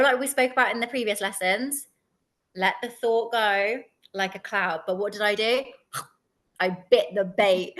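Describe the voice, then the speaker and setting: A woman's voice: mid-range voice, unhurried, fairly bright tone. A woman co-hosting a spiritual lesson, candidly telling a personal story. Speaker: co-host.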